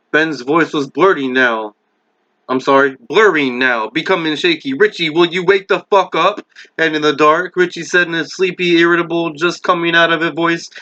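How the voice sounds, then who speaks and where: A man's voice: a little high, fairly bright tone, dull audio. A man reading a horror novel aloud as a hobby reader, with small slips and corrections and light character voices. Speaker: amateur book reader.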